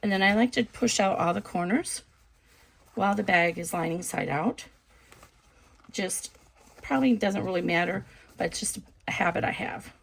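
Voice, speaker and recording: A woman casually explaining a sewing project step by step, relaxed and chatty with frequent ums. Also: medium pitch, normal speed, gravelly, pauses often. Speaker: sewing instructor. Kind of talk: casual craft tutorial.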